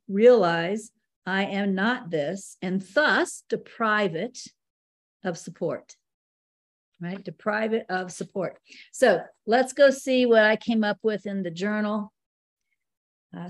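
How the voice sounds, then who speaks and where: Woman, spiritual teacher, casual talk, easygoing and conversational, slows to read. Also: mid-range voice. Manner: conversational, laughs easily, slows to read passages.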